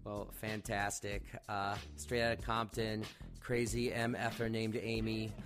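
A man's voice: fairly low pitch, level tone, a little slow, fairly bright tone, faint music behind. A man hosting a casual interview, asking friendly, rambling questions. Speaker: podcast host.

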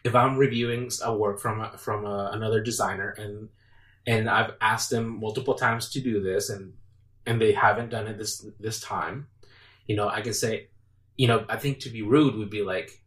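A man with a fairly low voice who talks slowly and carefully, pausing to pick his words. He sounds a little far from the mic, in an echoey room. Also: fairly even intonation, a bit bright. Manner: slow, measured, hesitant. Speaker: podcast co-host. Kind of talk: casual chat.

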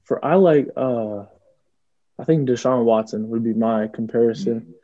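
A man's voice: medium pitch, a little slow, no echo. A young man, a college football player, answering interview questions casually, with lots of ums and restarts. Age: young adult. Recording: dull lo-fi audio.

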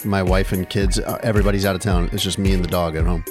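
A man's voice: sits low, steady tone, fast, over music. A man co-hosting a casual sports podcast, chatty and rambling, laughing often between asides. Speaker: podcast co-host.

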